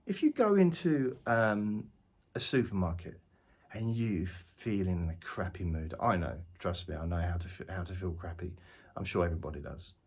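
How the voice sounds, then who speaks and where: Deep husky man, jokey rambler. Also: expressive, normal speed. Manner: jokey, self-mocking, digressive. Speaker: vlogger. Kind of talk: rambling spoken monologue to camera. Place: outdoors, walking around.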